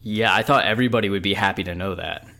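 Low-voiced joking man on a podcast. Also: fast talker, pushed and bright, faint music behind. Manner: sardonic, laughs often, trails off with fillers. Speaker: podcast co-host. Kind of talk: casual joking chat.

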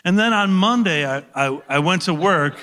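A man, an actor guest, telling an animated anecdote on a talk show, laughing and swearing now and then. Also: high-pitched, moderate pace, in a large hall.

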